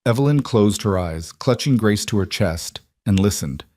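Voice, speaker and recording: Low-voiced male storybook narrator. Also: animated, normal speed, darkish tone, no room sound, clean studio sound.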